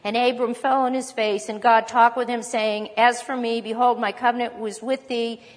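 A woman's voice: on the high side, flat delivery, normal speed. A woman teaching a sermon, reading scripture aloud and breaking into conversational asides and rhetorical questions. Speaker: Bible teacher. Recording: long reverb of a large hall.

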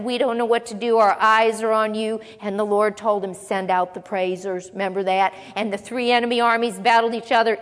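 Woman teaching the Bible in a large echoing hall. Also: a little high. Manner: reads scripture aloud, then explains with casual asides and questions to the class. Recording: long echo of a large hall.

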